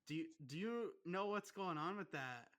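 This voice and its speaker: A young man co-hosting a podcast, ranting with constant swearing in an animated, aggrieved way. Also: sits high, moderate pace. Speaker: podcast co-host. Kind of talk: casual profane podcast rant.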